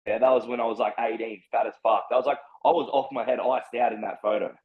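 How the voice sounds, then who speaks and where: Australian man, podcast guest, rambling candid storytelling, lots of swearing, mid-pitched voice, dull lo-fi recording. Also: little pitch movement, fast. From Brisbane, Australia. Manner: rambling, frank and heavily profane.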